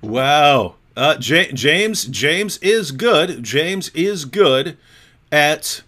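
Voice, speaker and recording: A man's voice: on the high side, expressive, very slow, pushed and bright. A man co-hosting a casual livestream chat, talking in a mocking, jokey way and laughing often. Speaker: co-host.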